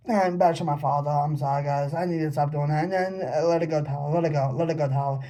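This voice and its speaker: A man's voice: on the high side, steady tone, fast, hardly any pauses, mellow. A man vlogging an unscripted, rambling monologue to his father, repeating himself and asking pleading questions. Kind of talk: unscripted personal vlog monologue.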